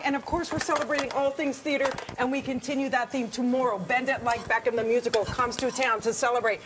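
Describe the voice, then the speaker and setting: A woman's voice: high voice, steady tone, fast, few pauses, noisy background. A woman hosting a morning TV show in a studio, speaking in an upbeat presenter style. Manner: upbeat, bright presenter delivery. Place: indoor TV studio.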